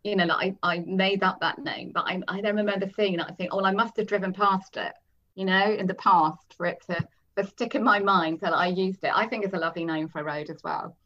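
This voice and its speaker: A woman's voice: lowish voice, steady tone, fairly quick, hardly any pauses, a bit bright. Tentative novelist woman, muffled sound. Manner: tentative, repeats herself as she thinks aloud. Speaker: novelist, guest. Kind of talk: casual interview chat.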